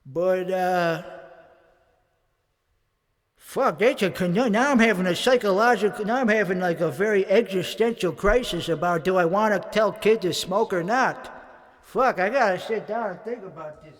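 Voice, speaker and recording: A man's voice: sits high, moderate pace. A man rambling through a profane, mock-boastful comedic monologue, a bit winded and out of breath. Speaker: comedic streamer.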